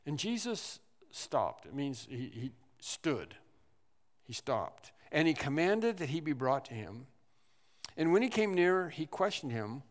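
A man preaching a sermon, animated, repeating phrases and acting out the people in the story. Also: on the high side, moderate pace. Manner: animated preaching with repetitions and acted-out quotes. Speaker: pastor. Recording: long hall reverb.

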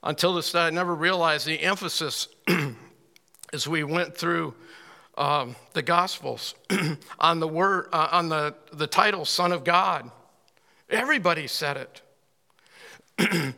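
A man preaching to a room, speaking slowly and deliberately with a bright, forceful tone. He reads scripture aloud with rising emphasis and clears his throat often, and his voice rings out with a long hall echo. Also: on the high side. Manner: asks the audience pointed questions. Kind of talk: sermon. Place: room with listeners.

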